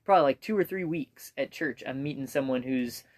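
A man's voice: medium pitch, brisk. A man hosting a podcast in a casual, joking, rambling chat full of fillers. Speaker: podcast host.

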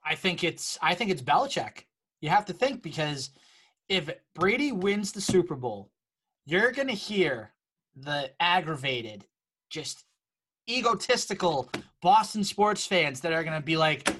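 A sports podcast co-host giving strong opinions in casual chat, tossing off quick dismissive asides. The pitch swings widely, so the delivery sounds animated and lively. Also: slightly rough.

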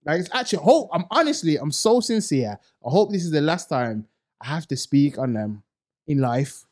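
Very animated at a moderate pace, this man's slightly mellow voice carries a blunt, slang-heavy rant on a casual podcast. As co-host, he mimics people in high put-on voices to mock them.

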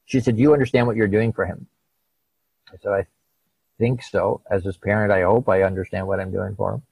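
Middle-aged man, low voice, dry close sound, lively storyteller who acts out every voice. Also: fairly quick, gravelly, breathy edge, no echo, low-quality recording. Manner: animated, acts out quoted dialogue. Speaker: guest. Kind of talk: conversational storytelling.

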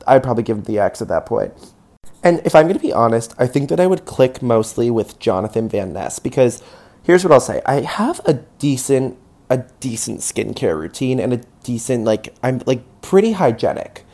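A man's voice: medium pitch, animated, normal speed, warm tone. Rambling sarcastic man hosting a podcast. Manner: rambling, self-deprecating, sarcastic, swears freely. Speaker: podcast host. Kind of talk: solo comedic monologue.

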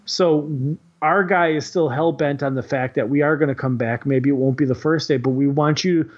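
Rambling, profane man with a slightly high voice. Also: steady tone, normal speed. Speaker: kindergarten teacher. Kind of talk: casual storytelling chat. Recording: dull lo-fi recording.

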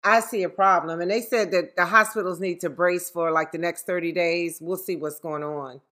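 A woman co-hosting a casual podcast chat, telling stories in a lively, animated way. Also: lowish voice, normal speed. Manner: lively storytelling, animated exclamations. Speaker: podcast co-host.

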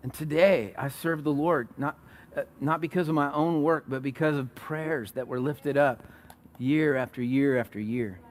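A man preaching a sermon, retelling a story with animated, acted-out quotes and frequent restarts. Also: medium pitch, moderate pace. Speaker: pastor.

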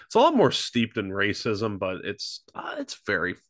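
A man co-hosting a laid-back podcast, his voice sitting a little low. He meanders through his thoughts with plenty of ums, restarts and the odd curse word. The recording is close and dry, with no room sound. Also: wildly swooping pitch, moderate pace, fairly bright tone, no room sound. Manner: rambling, loose delivery with many fillers and restarts; swears freely. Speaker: podcast co-host. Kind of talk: casual chat.

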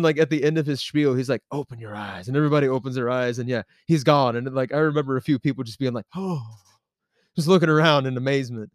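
Young male podcast co-host, lively, rambling storyteller, laughs a lot, dry voice. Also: mid-range voice, smooth, no echo. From American South. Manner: animated, laughs often, many fillers. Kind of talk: casual storytelling chat.

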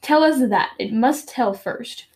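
A shrill, greedy cave creature hisses and frets in a high, jumpy voice, as a young woman puts him on. He sounds frantic and murderous, a storybook figure retold in a casual podcast. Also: expressive, measured pace, darkish tone.

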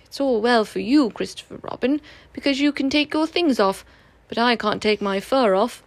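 A woman's voice: a little high, expressive, moderate pace. A woman voicing a small male teddy bear in a storybook reading, speaking in a complaining way. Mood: plaintive.

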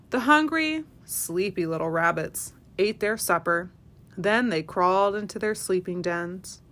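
A woman, a parent hosting a family podcast, reading a children's storybook aloud with expressive, animated delivery. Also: fairly low pitch, unhurried.

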